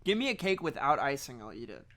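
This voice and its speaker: A man's voice: medium pitch, big pitch swings, fast talker, bright, forceful tone. A young man hosting a casual podcast, rambling through a funny story with lots of restarts. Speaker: podcast and stream host. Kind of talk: casual chat.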